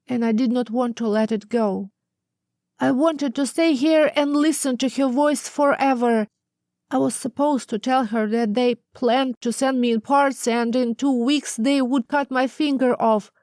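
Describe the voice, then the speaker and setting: A woman author reading her own memoir as an audiobook, slow, intimate and emotional. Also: fairly high pitch, a little mellow, no room sound, studio quality. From Russia. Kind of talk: audiobook narration.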